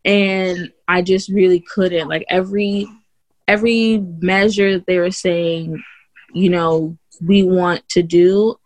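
A woman's voice: on the low side, steady tone, slow pace, no room sound. A woman guest on an interview show, telling her own birth story in casual chat, full of "like" and "you know" and restarts, and she acts out other people's lines in a raised voice. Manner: chatty, heavy use of "like" and "you know", many restarts.

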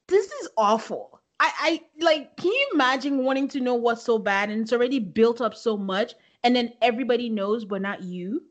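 A woman co-host talks through a show's scenes in a casual, dramatic way and slips into slang. Her voice sits fairly high. She tells it like gossip between friends. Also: normal speed. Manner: animated, dramatic retelling with acted-out quotes. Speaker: podcast co-host. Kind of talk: casual chat recapping a reality show.

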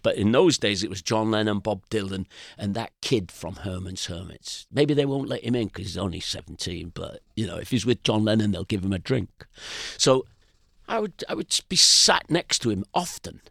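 A man's voice: on the low side, animated, moderate pace, gravelly, fairly bright tone, no echo, clean studio sound. An older English man telling loose, rambling anecdotes as a podcast guest. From England. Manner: rambling anecdotal storyteller, frequent restarts. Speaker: guest musician. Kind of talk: casual storytelling interview.

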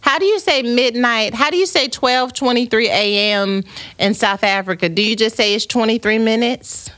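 A woman's voice: on the high side, moderate pace, a bit bright, no room sound. Chatty American woman hosting a live podcast. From United States. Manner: chatty and playful, reads out viewer comments; turns reflective and faith-minded. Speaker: podcast host. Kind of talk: casual livestream chat with viewers. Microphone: streaming camera setup.

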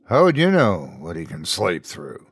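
A man's voice: low voice, huge pitch swings, normal speed, a bit bright, breathy edge, no room sound, pitched below the performer's own voice, exaggerated voice. A man voicing a wry young man who answers with dry sarcasm in a dry, close recording.

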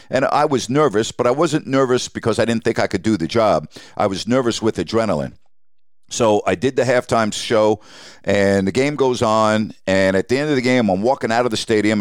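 A sportscaster in his sixties from Long Island, hosting his podcast and telling a lively story about his early career, acting out the people in it. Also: fairly low pitch, no room sound, studio quality. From Long Island, New York. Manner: animated storyteller who acts out quoted dialogue.

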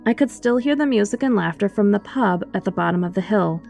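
Woman, horror story narration, scripted, expressive, middle pitch, faint background music. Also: a little fast, gravelly. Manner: expressive first-person storytelling.

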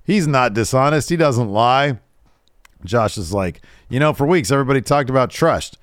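A man's voice: mid-range voice, expressive, normal speed, no room sound, studio quality. A man co-hosting a podcast, laid-back and a bit profane, loosely quoting what the wrestlers said. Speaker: podcast co-host. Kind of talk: casual wrestling recap chat.

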